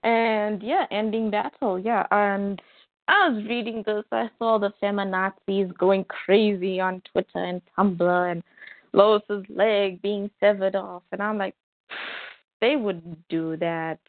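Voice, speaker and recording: A woman's voice: mid-range voice, steady tone, measured pace, no echo. A woman co-host chatting casually about comics, with brief agreeing remarks. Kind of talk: casual chat. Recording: dry, tinny phone-like sound.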